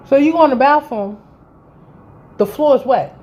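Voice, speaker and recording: Speaking at normal speed with long pauses, this thirtysomething vlogger has a fairly high, expressive voice with a darkish tone. She tells her audience a personal story as a candid, blunt, profane and exasperated vent. Faint music plays behind a dull lo-fi recording with faint noise.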